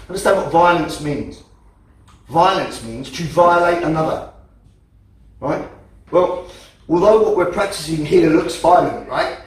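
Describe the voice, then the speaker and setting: Heard from a distance in an echoey training hall, a man with a slightly high voice teaches a self-defense class. He's blunt and profane, hammering his points home with emphasis, and there's slight background noise.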